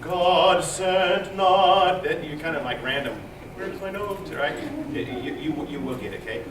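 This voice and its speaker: A man's voice: on the high side, lively intonation, fairly quick, distant mic, heavy background noise. A man directing a choir rehearsal, counting in beats and coaching with jokey asides. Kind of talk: rehearsal instruction. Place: large rehearsal room. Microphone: distant room mic. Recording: echoey room recorded from afar with choir. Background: choir singing.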